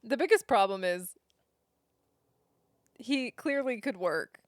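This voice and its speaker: Female co-host, casual teasing banter; slightly high voice, dry sound. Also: lively intonation, slow pace, dry recording. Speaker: podcast co-host. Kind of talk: casual chat.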